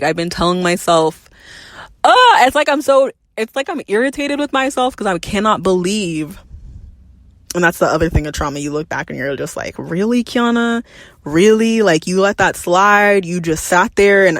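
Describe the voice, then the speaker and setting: A woman's voice: lowish voice, no room sound, clean studio sound. A young woman in her twenties hosting a candid personal podcast, talking frankly and animatedly, swearing freely and laughing between thoughts. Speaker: podcast host.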